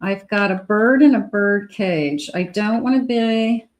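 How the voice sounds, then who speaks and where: A woman giving a casual tarot reading to camera, musing aloud in an unhurried way and talking to spirit as she pulls cards. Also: medium pitch. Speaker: psychic tarot reader.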